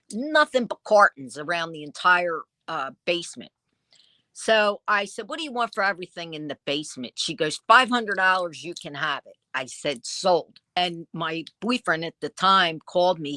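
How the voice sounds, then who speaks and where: A woman vintage dealer telling stories in a casual interview, acting out what people said with lively quoted dialogue. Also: lowish voice, no echo. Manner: lively storyteller who acts out quoted dialogue. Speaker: vintage dealer and online seller.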